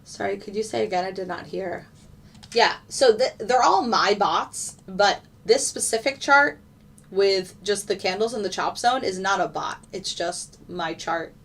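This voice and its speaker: A woman's voice: medium pitch, a little slow. A woman hosting a casual live stream, chatting to viewers and talking through her trades. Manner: chatty, reads out chat and trades. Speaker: trading streamer.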